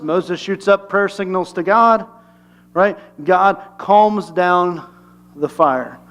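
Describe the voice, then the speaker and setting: A man's voice: high-pitched, fairly bright tone. A male pastor giving a conversational, humorous sermon and asking the congregation questions.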